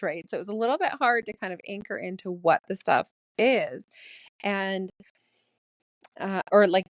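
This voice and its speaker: A woman hosting her own podcast, talking fast and excitedly in a casual solo chat with frequent ums. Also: medium pitch, no echo. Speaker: podcast host.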